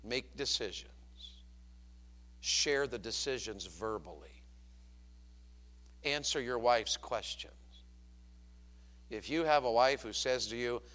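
A man preaching a sermon as a pastor, animated, swinging from loud to hushed. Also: mid-range voice, slow, long pauses.

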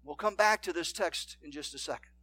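A high-voiced pastor delivers a sermon with emphatic, brisk preaching and a breathy edge. He swings between loud declarations and hushed asides, reading scripture in King James wording.

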